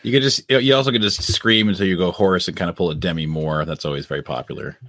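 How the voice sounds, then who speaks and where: A man's voice: deep voice, quick pace, fairly bright tone, dry recording, clean studio sound. A man, a documentary director, talking casually as a guest in an interview, earnest and rambling with many restarts.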